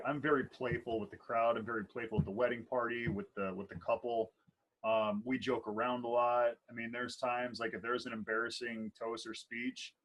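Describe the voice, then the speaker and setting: On a low-quality recording, a man in his thirties speaks in a mid-range, fairly bright voice. He's a wedding DJ and MC co-hosting a casual podcast chat, telling stories playfully and ramblingly with lots of restarts.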